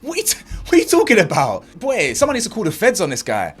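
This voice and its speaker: Husky, animated man ranting. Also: high-pitched, fast talker. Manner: animated and indignant, acts out quotes, heavy slang. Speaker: commentary channel host. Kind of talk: reaction commentary.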